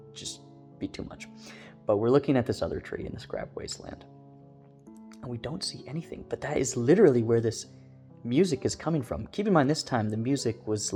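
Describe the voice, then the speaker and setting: Man, casual rambling storyteller, low gravelly voice, faint guitar music behind. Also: a little mellow. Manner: rambling, loose, many "like" fillers. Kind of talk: casual first-person storytelling.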